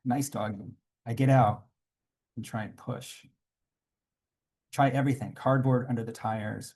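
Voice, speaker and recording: A man reading aloud from his own graphic memoir at a conference panel, quiet and reflective, with small asides to the audience. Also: mid-range voice, fairly even intonation, a little slow, long pauses, husky. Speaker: comics artist reading his work at a panel.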